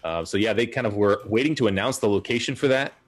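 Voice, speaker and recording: A man co-hosts a casual podcast and talks in a low voice. He rambles on in a relaxed, chatty way and drifts from one aside to the next. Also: fast talker. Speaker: podcast co-host.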